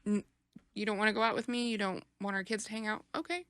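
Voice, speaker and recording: A woman guest on a podcast, chatting casually, firm in her opinions and quick to agree. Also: medium pitch, flat delivery, a bit bright, clean tone, no echo. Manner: firm, agreeable, frequent affirmations. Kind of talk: casual chat.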